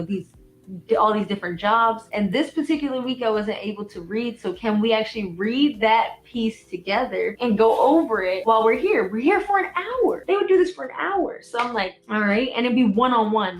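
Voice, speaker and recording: A woman telling her own story in a candid, conversational storytime vlog, full of asides. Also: medium pitch. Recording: echoey room with faint noise.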